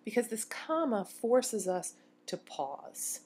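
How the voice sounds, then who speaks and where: A woman giving a recorded university lecture on grammar, explaining clearly and slowing down to read quoted lines. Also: on the high side, big pitch swings, darkish tone.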